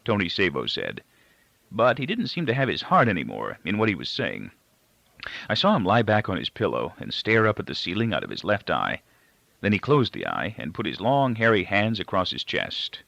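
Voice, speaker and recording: A man reading a novel aloud in first-person narration, measured and expressive. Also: low voice, vocal fry, no room sound. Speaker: audiobook reader. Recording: dull, dry lo-fi recording.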